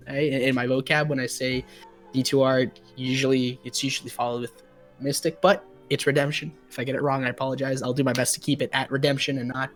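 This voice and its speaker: A young man casting a mobile esports match live, chatty and relaxed, greeting viewers in the chat. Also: mid-range voice. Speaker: esports caster.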